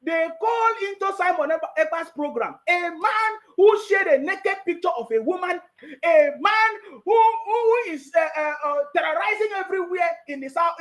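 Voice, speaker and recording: A man's voice: very high-pitched, fairly bright tone, poor audio. A Nigerian man giving casual political commentary, mocking and laughing often, repeating his words.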